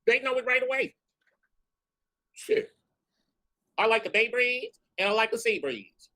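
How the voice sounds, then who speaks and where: A man's voice: very high voice, a little fast, pauses often, pushed and bright. A man streaming live, telling brash, profane stories and chasing donation goals. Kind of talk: casual stream chat.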